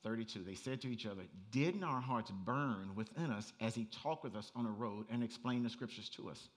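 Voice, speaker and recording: A man preaching a sermon as pastor, animated and conversational, rising to near-shouts and breaking into laughing asides. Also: mid-range voice, a little fast.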